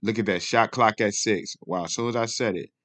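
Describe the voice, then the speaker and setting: A man's voice: on the low side, a little fast, fairly bright tone, no echo. A man hosting a casual commentary vlog, talking in a rambling way and often asking "you know what I mean". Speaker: video host.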